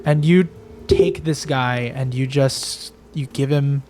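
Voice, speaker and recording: A man running a tabletop game, halting. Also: mid-range voice, darkish tone. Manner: acts out NPC voices, halting with restarts. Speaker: game master.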